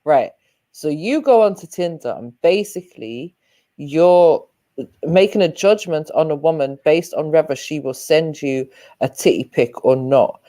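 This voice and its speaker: Blunt man with a mellow voice. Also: a little high, measured pace. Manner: blunt, incredulous, interrupting. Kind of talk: casual debate.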